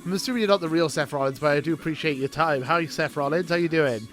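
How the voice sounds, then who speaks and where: A young Welshman rambling excitably in casual live commentary as he watches a wrestling show. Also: fairly high pitch, racing, soft background music. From Wales. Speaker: streamer.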